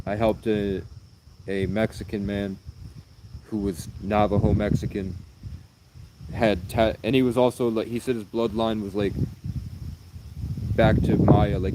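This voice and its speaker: A man's voice: on the low side, dark tone. A man livestreaming, telling long meandering stories in an earnest, rambling way. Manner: meandering, earnest, jumps between anecdotes. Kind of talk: rambling storytelling.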